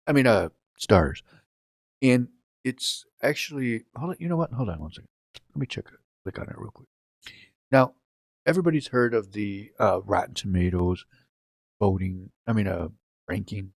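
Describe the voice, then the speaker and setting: A low-voiced man chats loosely on a home live stream and jokes his way through stray tangents. He speaks close to the mic, with a dry sound and hardly any room around him. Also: animated, moderate pace, gravelly, long pauses, no room sound. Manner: rambling, joking, talks to chat viewers by name. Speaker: livestream host. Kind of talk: casual live-stream chat.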